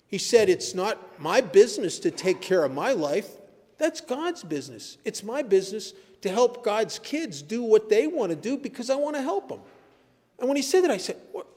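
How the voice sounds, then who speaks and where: A man speaking at a recovery meeting, telling stories in an animated way and laughing at his own tales. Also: sits high. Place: meeting hall. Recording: echoey hall recording.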